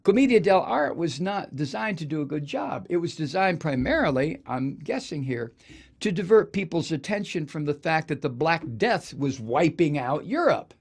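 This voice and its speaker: Male talk show host, sardonic rant, gravelly, lively swooping pitch, profane commentary. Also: moderate pace. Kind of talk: political commentary monologue.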